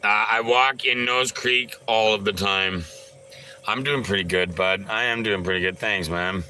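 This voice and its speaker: A man's voice: on the low side, measured pace, pushed and bright, a little hiss or hum, poor audio. A man hosting a casual livestream, rambling and joking as he greets viewers by name and answers their chat. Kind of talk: casual live-stream chat.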